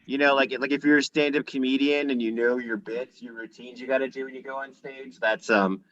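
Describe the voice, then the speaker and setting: A man co-hosting a casual podcast, telling stories in an animated way and acting out quotes. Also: mid-range voice, a little fast, dry recording, dull audio. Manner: animated storyteller, acts out quotes. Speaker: podcast co-host.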